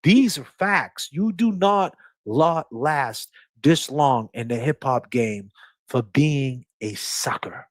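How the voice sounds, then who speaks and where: A man's voice: mid-range voice, animated, slow pace, no echo. Emphatic profane man on a livestream. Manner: emphatic, profane, preachy, repeats phrases. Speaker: livestream host. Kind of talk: casual livestream talk.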